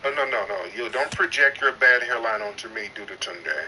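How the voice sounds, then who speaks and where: A man's voice: mid-range voice, fairly quick. Guy hosting a live voice chat, teasing and roasting, sounds far off with lots of hiss. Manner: teasing, mock-stern, bursts of loud exclamation. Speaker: host of a live audio chat stream. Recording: distant noisy online voice chat.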